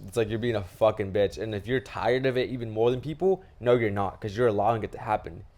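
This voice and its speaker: A man co-hosting a podcast in casual chat, animated and swearing freely. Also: lowish voice, fast talker. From Hispanic family in the United States. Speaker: podcast co-host.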